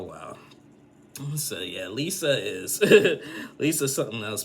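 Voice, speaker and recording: A man's voice: low voice, creaky, a bit bright, a little hiss or hum. A man giving a casual, rambling episode recap, full of fillers and restarts. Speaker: recap vlogger.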